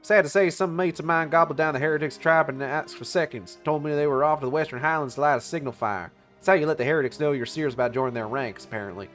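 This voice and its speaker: A man's voice: a little high, quick pace, hardly any pauses, a bit bright, faint music behind, voice pushed up, natural voice. A man voicing a common-born male soldier with a folksy put-on accent and loose grammar, chatty and easygoing.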